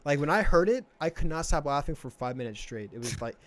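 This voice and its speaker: A man's voice: on the high side, expressive, fast talker. A young man from Texas hosting a casual podcast chat, rambling with lots of fillers and restarts. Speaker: podcast host.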